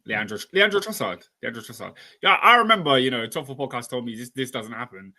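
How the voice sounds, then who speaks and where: A man's voice: mid-range voice, lively intonation, quick pace, pushed and bright. A man co-hosting a football podcast, retelling a funny story in playful banter. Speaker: podcast co-host. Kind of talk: casual football chat.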